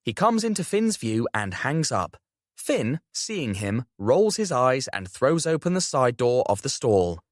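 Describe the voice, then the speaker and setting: A young man narrating a first-person audiobook with expressive storytelling. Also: mid-range voice, measured pace, no echo, clean studio sound. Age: young adult.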